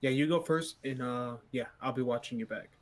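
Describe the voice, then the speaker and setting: A man playing a tabletop game as a player, speaking in a measured, deliberate way. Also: medium pitch. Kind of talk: tabletop role-play.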